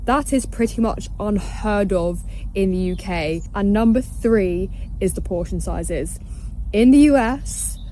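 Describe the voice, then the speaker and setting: Woman, mellow, warm voice, upbeat list-style delivery to camera. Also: medium pitch, slight background noise. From Britain. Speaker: travel vlogger. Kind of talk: listing tips to camera.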